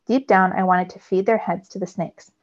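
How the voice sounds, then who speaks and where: A woman teacher reading a novel aloud to her students, telling it with lively storytelling that rises with the action. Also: medium pitch, normal speed. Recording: dull lo-fi recording.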